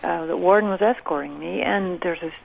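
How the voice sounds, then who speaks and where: A woman's voice: lowish voice, fairly quick, creaky, slight background noise. A woman calling in to a radio show, telling a story earnestly over the phone. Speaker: caller. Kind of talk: radio call-in. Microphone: telephone. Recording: tinny phone line.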